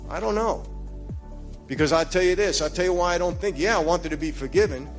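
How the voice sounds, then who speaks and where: A man with a New York accent giving a personal testimony. He talks emphatically and confidingly to his listeners, dropping to hushed low passages and rising to urgent ones. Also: fairly quick, soft background music.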